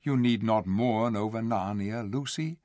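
Man playing a soft-spoken wise old lord. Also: fairly low pitch, measured pace, no echo, clean studio sound, close to an everyday voice. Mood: gentle. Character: wise, gentle old male lord and scholar. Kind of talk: audiobook character voice.

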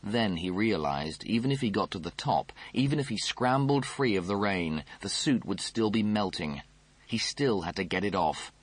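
Husky-voiced man narrating an audiobook. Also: lowish voice, expressive, normal speed, no echo.

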